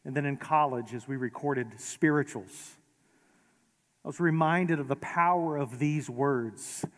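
A man preaching a sermon as pastor, conversational and gently humorous, in a large church sanctuary. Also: medium pitch, unhurried. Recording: long reverb of a large hall.

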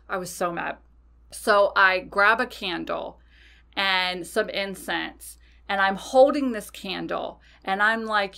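A woman's voice: medium pitch, expressive, unhurried, creaky, sharp tone. A woman hosting a podcast, telling a personal story casually and animatedly, swearing freely. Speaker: podcast host.

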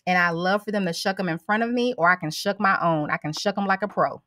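A woman's voice: fairly low pitch, quick pace, fairly bright tone. A woman guest cook talking in a folksy, easygoing way, often calling people honey. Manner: folksy, drawling, says honey a lot. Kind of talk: casual chat on a video call.

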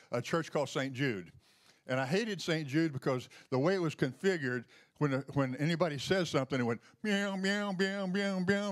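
A man giving a testimony sermon as a lay healing minister, telling folksy stories with chuckles and many fillers. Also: mid-range voice.

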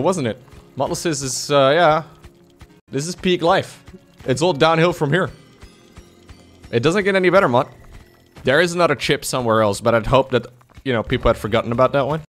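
A man in casual live-stream commentary while playing a game, excitable, laughing often and jumping to high yelps. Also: normal speed, pauses often. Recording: faint music behind the voice.

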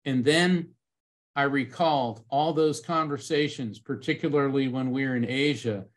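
A middle-aged man speaking as a medium at a conference, telling a personal story with lively acted-out moments. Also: medium pitch, normal speed. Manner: animated storyteller, acts out quoted voices.

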